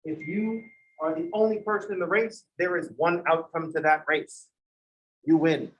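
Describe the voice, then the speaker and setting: A man's voice: a little high, normal speed, dull audio. Man, math instructor, casual lecture, joking, digressive asides.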